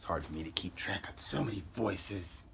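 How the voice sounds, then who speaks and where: A man's voice: deep voice, a little fast, creaky, background noise. A man reading a comic book aloud for kids, with offhand, joking asides.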